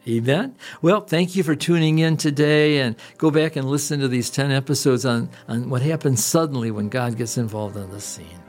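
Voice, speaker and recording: A man's voice: medium pitch, normal speed, few pauses, faint music behind. A middle-aged man preaching as a pastor, telling a personal story and then praying with rising fervor. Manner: earnest storytelling, lifts into fervent prayer. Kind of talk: sermon with prayer.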